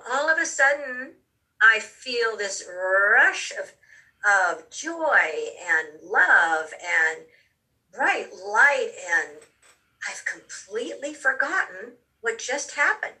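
A woman telling a personal story in a halting way, often repeating words, with real emotion, her voice a little distant from the mic. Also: on the high side, big pitch swings, sharp tone. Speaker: storyteller recounting a near-death experience.

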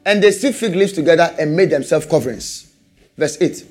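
Brief: lively male preacher, high husky voice, hammering rhetorical questions, quick to laugh. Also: faint music behind. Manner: animated, repeats rhetorical questions, laughs often. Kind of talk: sermon.

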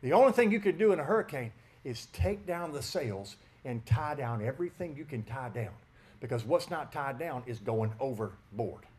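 A man preaching a sermon with fervor, swinging from shouts to hushed asides and calling out listeners by name. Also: mid-range voice, lively intonation, moderate pace.

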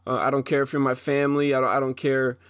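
A man's voice: mid-range voice, little pitch movement, fast, a bit bright, dry recording. Intense, profane young man, dry close mic. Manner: intense, profane, restarts often. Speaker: podcast host. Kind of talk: unscripted solo monologue.

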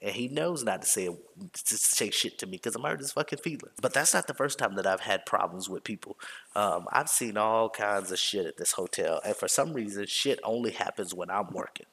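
A man telling a story from work in a heated, profane, animated way, as a podcast host. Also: fairly low pitch, moderate pace, breathy edge. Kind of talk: casual storytelling. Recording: long reverb.

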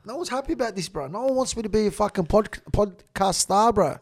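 A man's voice: high voice, lively intonation, fairly quick. A man telling stories in a casual podcast chat, blunt, emphatic and swearing a lot. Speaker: podcast guest.

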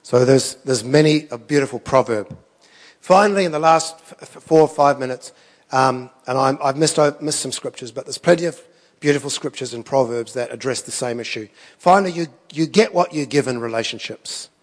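A man's voice: mid-range voice, brisk, in a large hall. A man preaching a sermon, telling stories in a conversational way with self-deprecating asides. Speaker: pastor.

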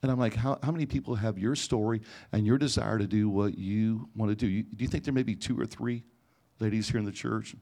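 A man's voice: fairly low pitch, fairly quick, creaky, warm tone. A man preaching a sermon, telling personal stories and acting out conversations with frequent restarts. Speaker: pastor.

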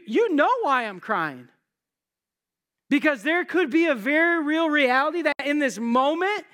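A man's voice: very high voice, bright, forceful tone. A man preaching a sermon in a conversational way, posing rhetorical questions to his listeners and slipping in jokes. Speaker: pastor.

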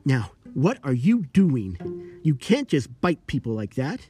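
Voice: medium pitch, sing-song, slow, warm tone. A performer voicing a startled, flustered person woken in the night, protesting in an exasperated way, with light music behind. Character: startled sleeper, flustered and indignant.

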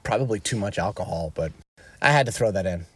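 A man, a touring musician, telling an anecdote in casual chat, animated and peppered with fillers. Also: fast, breathy edge, no room sound. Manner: animated, jumps into high excited voices when quoting himself; peppers speech with "like" and "you know". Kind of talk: casual storytelling.

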